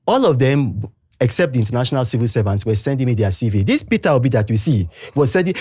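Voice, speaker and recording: A man with a Nigerian accent answers interview questions with heat and emphasis. His pitch swings widely as he presses his points. The sound is dry and close, with no room around it. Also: fast, slightly rough, dry recording. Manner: emphatic, animated, heated. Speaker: political interview guest. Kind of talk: interview talk.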